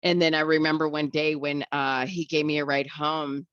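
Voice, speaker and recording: A woman's voice: low voice, flat delivery, normal speed, a bit bright, no room sound, lo-fi sound. A woman telling her recovery story in a podcast interview, speaking in an earnest, reflective way. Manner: reflective, earnest, acts out quoted voices. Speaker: guest. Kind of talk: candid personal recovery story.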